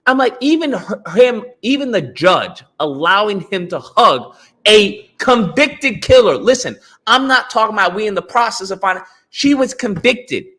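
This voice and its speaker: A man's voice: sits high, moderate pace. A man in casual podcast chat, telling stories animatedly and acting out what others said. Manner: animated storytelling, acts out quoted voices. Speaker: guest.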